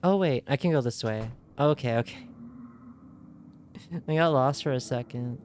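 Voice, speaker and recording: A woman with a rumbling low voice and a darkish tone speaks a little slowly as she streams a video game. She reads the on-screen text in a put-on accent that's loose and inconsistent, giggling and joking with her audience while faint game music plays.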